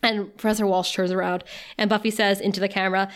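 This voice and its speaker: A woman's voice: medium pitch, flat delivery, fast talker, smooth. A woman co-hosting a podcast, recapping an episode in casual chat, laughing often and saying "like" a lot. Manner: chatty, laughs often, filler "like". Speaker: podcast co-host.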